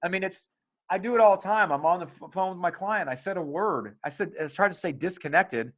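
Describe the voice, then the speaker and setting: A man hosting a podcast in casual conversation, energetic, swearing freely and acting out quotes of other people. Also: high-pitched, quick pace. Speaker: podcast host.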